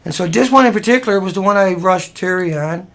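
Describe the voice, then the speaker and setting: A man with a gravelly voice talks casually over a slideshow of photos. He rambles in a plain, everyday way and often breaks off and restarts his sentences. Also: high-pitched, fast, a bit bright. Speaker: presenter walking viewers through photos.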